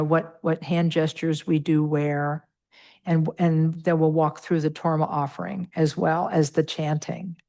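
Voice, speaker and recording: A woman's voice: sits low, creaky, darkish tone. A middle-aged woman teaching a Buddhist meditation class, patiently walking through pronunciation with many fillers.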